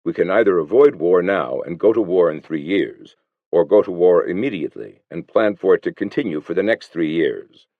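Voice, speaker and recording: A man's voice: sits low, animated, normal speed, dry recording. A man reading as a stubborn hawkish admiral. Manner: evasive, emphatic. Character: stubborn older Japanese admiral, evasive and hawkish. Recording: slightly muffled dry recording.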